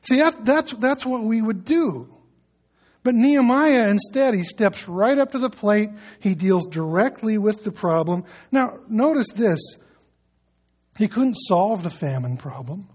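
A man's voice: high-pitched, lively intonation, unhurried, darkish tone. A middle-aged male pastor giving a sermon in a loose, conversational way, full of asides, fillers and restarts. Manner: conversational, anecdotal preaching with many fillers and restarts.

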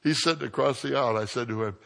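An older man, a pastor, preaching a sermon through lively stories, with a naturally loud voice that drops to a hush and swells to a boom. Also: rapid-fire, gravelly. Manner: lively anecdotal preaching, swinging from hushed to booming. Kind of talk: sermon storytelling.

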